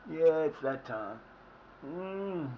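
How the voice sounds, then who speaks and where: A man's voice: on the high side, expressive, very slow, highs cut off, slight background noise. A man streaming live and chatting casually over his game, rambling with frequent restarts and fillers. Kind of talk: casual live gameplay commentary.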